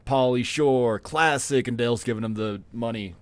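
A man co-hosting a podcast in casual chat, animated and swearing, slipping into mocking voices. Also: normal speed. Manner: animated, swearing, mimics customers in a high voice. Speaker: podcast co-host.

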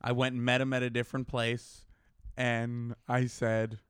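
A man's voice: medium pitch, flat delivery, a little slow, fairly bright tone, clear, resonant tone, no room sound, studio quality. A young man co-hosting a podcast, telling a story in casual chat and acting out both sides of it. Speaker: podcast co-host.

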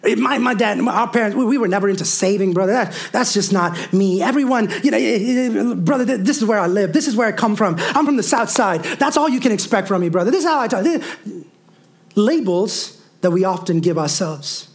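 A man preaching a sermon as a pastor, calling out to his congregation, mixing humor and asides, and rising to near-shouting on his declarations. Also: high-pitched, lively intonation, brisk. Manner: preaching with call-and-response asides and wry humor.

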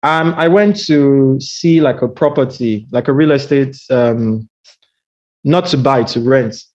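A man in his thirties with a Nigerian accent, chatting casually and telling a story with quick asides and restarts. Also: mid-range voice, a little mellow. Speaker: podcast co-host. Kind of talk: casual chat. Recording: dull lo-fi audio.

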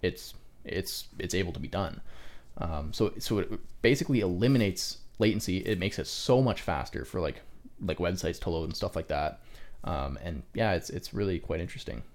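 Casual lower-voiced male podcast host. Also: lively intonation, normal speed. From Canada. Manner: rambling, filler-heavy, swears casually. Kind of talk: casual chat.

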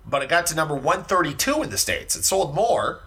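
A man co-hosting a casual music podcast, chatty and animated, with plenty of fillers and restarts. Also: on the high side, brisk. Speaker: podcast co-host.

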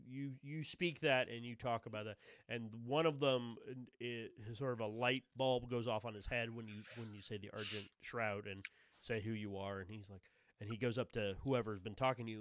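A man's voice: lowish voice, a bit bright, no echo. A man narrating a tabletop game as game master, rambling and restarting his sentences as he describes the scene. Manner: rambling, full of fillers and restarts.

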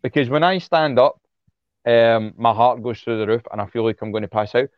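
A man's voice: mid-range voice, fairly quick, clean tone, no room sound, muffled recording. A man, speaking bluntly and heatedly as an interview guest, swearing freely and repeating himself when worked up. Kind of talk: impassioned casual interview talk.

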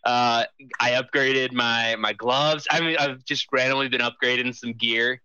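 Bright, crisp-voiced man on a lo-fi mic. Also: medium pitch, fairly even intonation, unhurried, dry recording. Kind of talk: casual chat. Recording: dull lo-fi mic.

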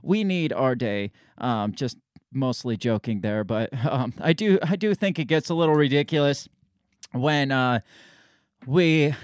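Male podcast host, casual ranting monologue, rambling and sarcastic, mid-pitched, dry close mic. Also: no echo. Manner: rambling, many restarts and fillers, sarcastic asides.

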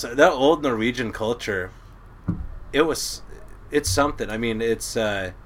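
A middle-aged man, a crab boat captain, telling stories in a casual, gruff and animated way. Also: mid-range voice, a little hiss or hum. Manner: gruff, animated storyteller who laughs at his own tales. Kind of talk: casual storytelling.

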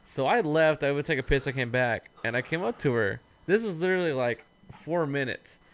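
A man's voice: on the high side, animated, brisk. A man in his late twenties telling a long, rambling, profane story to friends in casual chat, acting out what people said. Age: late 20s. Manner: rambling, profane anecdote with acted-out quotes.

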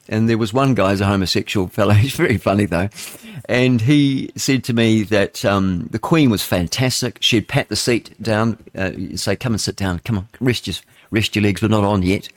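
A man's voice: lowish voice, no echo, studio quality. A man with a New Zealand accent hosting live talk radio, rambling and opinionated, with plenty of fillers and chuckles. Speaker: radio talk show host. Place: radio studio.

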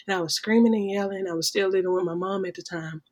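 Woman guest sharing her story on a podcast, animated, mid-pitched voice. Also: quick pace. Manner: animated storyteller, acts out quotes loudly. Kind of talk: personal testimony in a podcast conversation.

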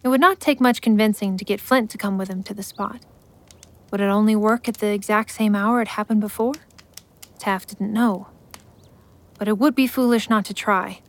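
A woman giving scripted story narration in a steady, measured way. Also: medium pitch.

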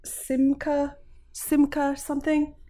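A woman's voice: sits high, monotone, slow, dark tone. A woman co-hosting a podcast in casual chat, blunt and swearing freely. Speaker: podcast co-host. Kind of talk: casual chat over a movie watch party.

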